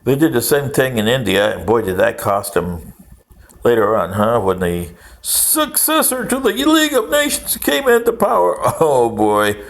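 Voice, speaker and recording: A man's voice: medium pitch, wildly swooping pitch, moderate pace, creaky. A man, older, giving a rambling history monologue with sarcastic, mocking asides.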